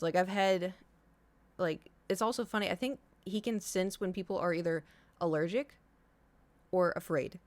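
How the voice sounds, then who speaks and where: A woman streamer chatting casually to her viewers, telling a long rambling story full of fillers and acted-out quotes. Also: mid-range voice. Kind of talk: casual chat.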